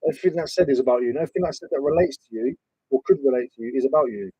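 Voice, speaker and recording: A man's voice: medium pitch, racing, mellow, breathy edge, no room sound, highs cut off. A man and reseller streamer rambling casually, bantering with viewers and swearing as he sorts his listings. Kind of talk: casual live-stream chat.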